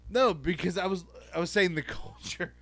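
A man's voice: sits high, moderate pace, over music. A man co-hosting a podcast, telling a rambling story in casual chat and laughing through it. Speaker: podcast co-host.

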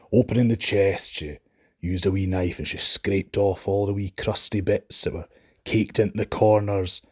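A Scottish man narrating a folk tale with a low, husky voice. His telling is lively and expressive. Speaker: storyteller.

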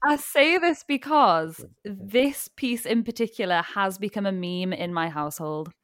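A woman's voice: medium pitch, animated, unhurried, a bit bright, no room sound, studio quality. A woman from the coast, hosting a panel chat in a bubbly, giggly, rambling way. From North East England coast. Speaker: panel host. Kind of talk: casual panel discussion.

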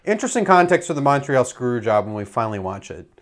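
A male podcast co-host chatting casually at a fast clip. He strings thoughts together with lots of fillers, in a voice of middling pitch. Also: sing-song. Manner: rapid, filler-heavy talk. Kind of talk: casual chat.

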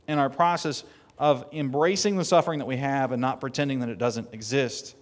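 A man preaching a sermon earnestly, at times building to emphatic, louder peaks. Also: medium pitch, moderate pace. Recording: long hall reverb.

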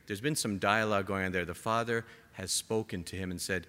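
A man preaching a sermon to a gathered congregation, impassioned, rising to emphatic peaks and dropping to soft, quiet lines. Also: deep voice, a little fast, hardly any pauses. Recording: long hall reverb.

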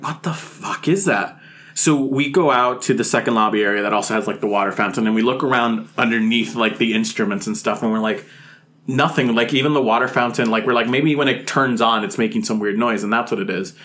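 A man spins a casual spooky anecdote on a podcast. He is animated and quick to laugh, and he swears freely while acting out what he and his friend said. His voice sits at an ordinary middle pitch. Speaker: guest storyteller.

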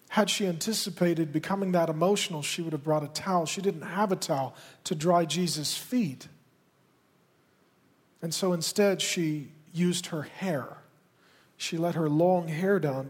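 Guy preaching a sermon, kinda high voice, talks straight at the crowd, big echoey room. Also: slightly rough. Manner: direct, conversational preaching with pointed asides. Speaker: pastor. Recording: reverberant hall.

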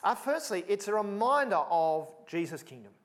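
Emphatic, lively male preacher. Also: high voice, normal speed. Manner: emphatic, animated, repeats for emphasis. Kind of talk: sermon.

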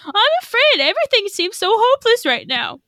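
A forlorn young male Jedi apprentice from a cartoon series, his plaintive, wavering voice pushed up high, as a woman podcaster puts him on. He sounds lost and hopeless. The sound is dry and close. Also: sing-song, brisk, a bit bright, dry recording, exaggerated voice.

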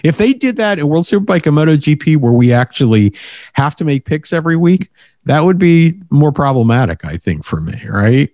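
Guy on a racing podcast sharing opinions, animated voice, dry close mic. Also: a little high, dry recording. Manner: opinionated, measured, rhetorical "right?". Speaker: co-host. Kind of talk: casual podcast chat.

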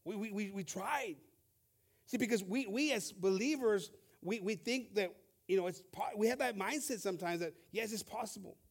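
Man, pastor, high voice, fervent sermon, repeats and restarts words. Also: moderate pace. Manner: builds from quiet scripture reading to loud emphatic exhortation.

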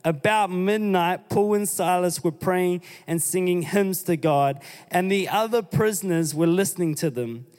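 High-voiced New preacher in a reverberant hall. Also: male voice. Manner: emphatic preaching, reads scripture aloud, rising exhortations. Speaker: pastor. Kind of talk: sermon.

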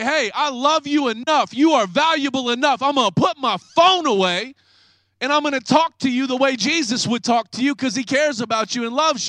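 Man, pastor, lively joking sermon, high-pitched, bright tone. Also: no room sound, clean studio sound. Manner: energetic, joking, acts out congregants' excuses.

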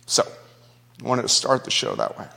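A man's voice: mid-range voice, huge pitch swings, normal speed, gravelly, pushed and bright, long reverb tail. A man hosting a local talk show, speaking earnestly and conversationally, at times emotional. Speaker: radio show host. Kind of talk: talk radio monologue.

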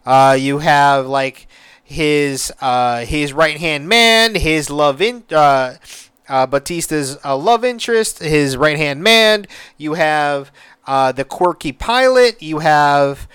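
Male podcast host, slightly high and smooth voice, chatty, rambling, swears a lot, dry close sound. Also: lively intonation, slow pace, a bit bright, no echo. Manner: rambling, repeats words, swears freely. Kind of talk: casual solo podcast chat.

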